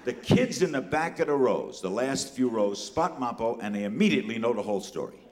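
A man's voice: mid-range voice, brisk. An older man from New City, telling a comic story to a live audience in a punchy way, full of asides. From New York City. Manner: animated, punchy delivery with asides.

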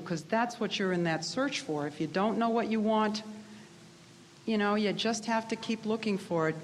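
A woman's voice: on the low side, long reverb tail, a little hiss or hum. A middle-aged woman giving a personal speech to graduates, telling her story in a candid, self-deprecating way. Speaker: speaker addressing graduates.

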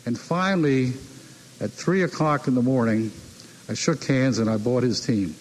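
An older man recounts his business stories in an anecdotal, conversational way, repeating key phrases for effect and acting out what others said to him. His voice sits at a middle pitch. A faint noise runs under the recording. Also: moderate pace, darkish tone, poor audio. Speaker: team owner telling stories. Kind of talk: anecdotal speech.

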